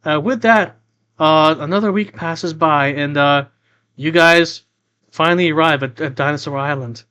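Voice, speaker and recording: A man narrating a tabletop game as its game master, rambling and restarting as he goes. His voice is bright and forceful, with a clean, crisp sound and a somewhat high pitch. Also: moderate pace. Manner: rambling, many restarts and off-topic asides.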